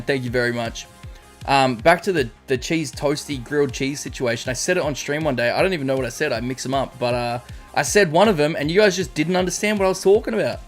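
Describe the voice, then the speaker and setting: Chatty Australian man live-streaming. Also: a little high. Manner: chatty, greets chatters by name, rambling storytelling. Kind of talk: casual live-stream chat.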